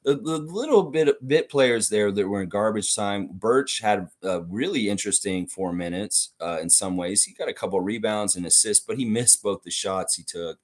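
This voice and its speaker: A man's voice: on the low side, expressive, normal speed, few pauses. A man hosting a casual basketball fan livestream, reading viewer comments aloud and acting out the people he quotes. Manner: talkative, acts out quoted people. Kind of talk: casual sports talk reacting to chat.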